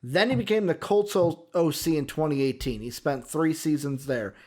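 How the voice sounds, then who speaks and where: A man's voice: fairly high pitch, normal speed, darkish tone. A man with a Chicago accent co-hosting a casual sports talk show, thinking aloud and rambling with plenty of fillers. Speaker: sports podcast co-host.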